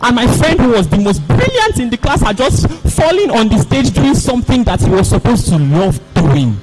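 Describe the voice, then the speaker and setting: A young man performing a dramatic spoken-word story in an animated, theatrical way. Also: very high voice, normal speed, over music, low-quality recording. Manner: animated, theatrical, voices the characters.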